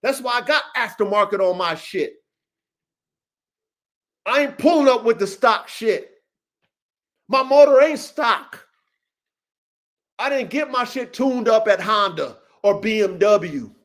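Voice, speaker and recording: Brash high-voiced man ranting on a podcast. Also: expressive, measured pace, a bit bright. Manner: profane, boastful, emphatic, addresses listeners by name. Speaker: podcast host and dog breeder. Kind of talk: casual livestream podcast rant.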